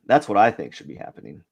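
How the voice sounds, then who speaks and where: A man's voice: lowish voice, creaky, husky, lo-fi sound. A man hosting a drawing live stream who thinks aloud as he sketches. He rambles, questions himself and plays down his own work. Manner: rambling, hesitant, self-questioning; self-deprecating about his work. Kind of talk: casual thinking-aloud commentary while sketching.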